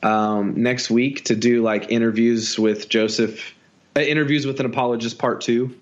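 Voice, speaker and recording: A man's voice: medium pitch, steady tone, normal speed, lo-fi sound. A man co-hosting a podcast in casual chat, earnest and self-deprecating with a joking streak. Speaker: podcast co-host.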